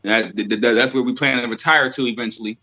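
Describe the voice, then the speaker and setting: A man's voice: mid-range voice, fast, sharp tone, slight background noise, rough recording. A man talking casually as a guest on a podcast, a laid-back storyteller who laughs often.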